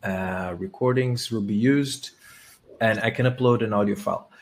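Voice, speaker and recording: A man hosting a live webinar, talking casually and haltingly with many restarts while he demonstrates software on screen. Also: fairly low pitch. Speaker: webinar host.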